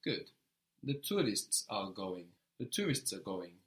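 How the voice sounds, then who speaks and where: A man's voice: fairly low pitch, sing-song, a bit bright. A man teaching a language lesson, patient and encouraging, prompting a student step by step. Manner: patient, encouraging, slow and deliberate.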